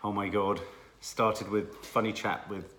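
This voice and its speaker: A man's voice: lowish voice, fairly even intonation, unhurried, sharp tone. A man co-hosting a casual family chat reviewing a TV series, thoughtful and musing. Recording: echoey room, faint noise.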